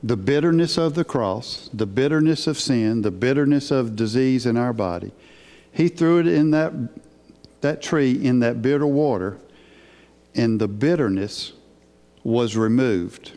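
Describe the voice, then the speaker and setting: A man preaching a sermon in an unhurried, emphatic way, asking his listeners questions. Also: mid-range voice, animated, dark tone. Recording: hall with long reverb.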